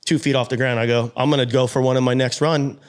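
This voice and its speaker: In a podcast studio, a male guest with a mid-range voice talks fast, telling a story animatedly. He acts out his own past lines with plenty of swearing.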